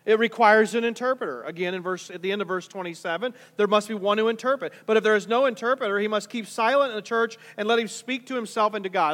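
A middle-aged man preaching a sermon as pastor, conversational, swinging from quiet asides to loud emphatic points. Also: high-pitched, fast, few pauses. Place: large church hall. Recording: reverberant hall.

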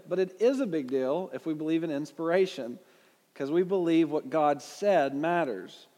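A man's voice: on the high side, animated, moderate pace, dark tone, in a large hall. A man with a Southern US accent teaching a Bible class in a conversational way, putting questions to his listeners. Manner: conversational, asks the audience questions.

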